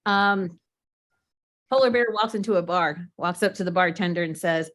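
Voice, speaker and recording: A woman co-hosting a film review show, giving her opinions in a chatty, animated way. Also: on the low side, normal speed. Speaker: co-host. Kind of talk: casual chat.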